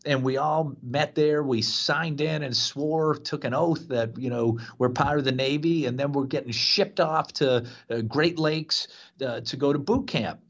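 Middle-aged male radio host, mid-pitched, rambling storyteller, muffled broadcast sound. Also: a little slow, fairly bright tone. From Boston. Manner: rambling, chatty, frequent fillers.

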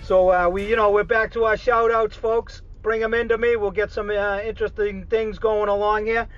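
Middle-aged boston guy rambling through an update, high voice, kinda monotone. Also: normal speed, dull audio, soft background music. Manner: rambling, many fillers and restarts. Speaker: regular segment contributor. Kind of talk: casual phoned-in update.

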